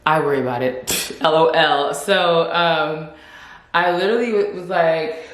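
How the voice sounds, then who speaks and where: A young woman vlogging in a casual, animated chat, laughing often as she talks. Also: low voice, unhurried, reverberant.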